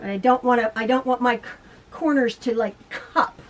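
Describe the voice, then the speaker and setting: A middle-aged woman with a high voice teaches quilting from her home sewing room. She rambles, talks to herself and laughs as she sews. A sewing machine runs clearly behind her. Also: moderate pace, background noise. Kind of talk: chatty home sewing tutorial.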